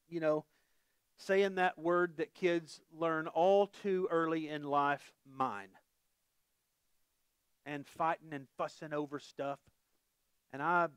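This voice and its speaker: A man's voice: sits high, fairly bright tone, no echo, studio quality. A middle-aged man preaching a conversational sermon as pastor, folksy and quizzing the congregation with questions.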